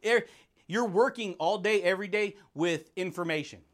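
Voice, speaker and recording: His voice sits high as this man runs a motivational podcast, full of energy and slang. Whenever he quotes someone, he puts on a quick voice for them.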